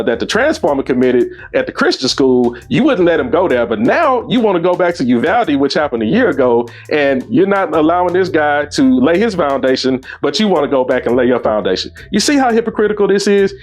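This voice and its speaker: A man's voice: on the high side, a little mellow. A man hosting his own show, giving opinionated commentary on a debate clip in an emphatic, scornful way that rises sharply when he gets indignant.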